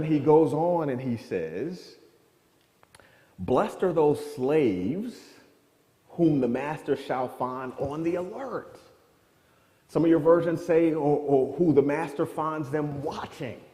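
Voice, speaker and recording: Male Bible class leader, questioning manner, dark tone, recorded in a reverberant church room. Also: mid-range voice. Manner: questioning, draws on the class, restarts phrases. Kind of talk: interactive Bible class teaching.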